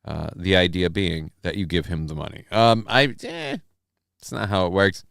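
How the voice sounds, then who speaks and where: A man's voice: deep voice, moderate pace, vocal fry, fairly bright tone, dry recording, clean studio sound. A young man hosting a live stream, reading the chat and ranting in a crude, sarcastic, profane way. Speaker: livestream host reading chat.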